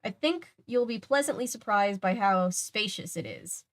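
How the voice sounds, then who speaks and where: A calm, smooth male real estate agent, as a woman reads him aloud. He talks in a persuasive, easy way in a storybook reading. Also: medium pitch, moderate pace, close to an everyday voice.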